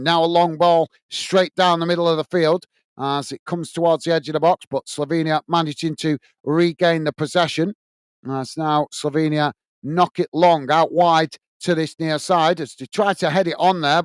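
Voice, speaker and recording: Man doing steady play-by-play commentary. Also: fairly high pitch, clear, resonant tone, no room sound. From United Kingdom. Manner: steady play-by-play, reads out chat messages, friendly. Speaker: watch-along host and commentator. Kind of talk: live match commentary and chat reading.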